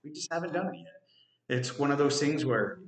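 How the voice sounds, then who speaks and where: A man's voice: a little high, moderate pace. A man co-hosting a podcast in casual chat, rambling and joking with many fillers. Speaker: podcast co-host. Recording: roomy echo.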